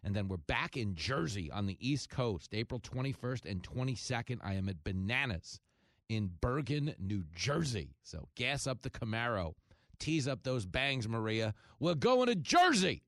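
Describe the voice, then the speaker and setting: A man hosting a talk radio show in a fast, jokey monologue, breaking into loud comic bursts. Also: lowish voice, animated, no echo, clean studio sound.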